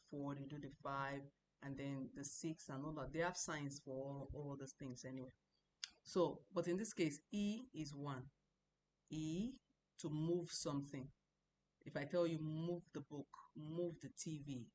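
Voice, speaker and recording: A woman teaching a language lesson, explaining patiently, repeating example sounds slowly and often restarting her sentences. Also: deep voice, a little mellow, slight background noise. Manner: frequent restarts and stammering. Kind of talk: recorded online lesson.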